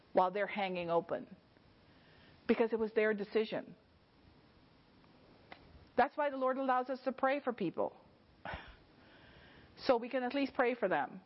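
A woman's voice: mid-range voice, highs cut off. A woman teaching an informal sermon in a conversational way, often checking in with her listeners. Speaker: Bible teacher.

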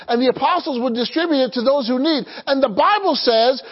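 A slightly rough, very high-pitched male voice moves a little fast through a sermon, calling out to the congregation so they'll respond. It's a call-and-response delivery captured on lo-fi sound.

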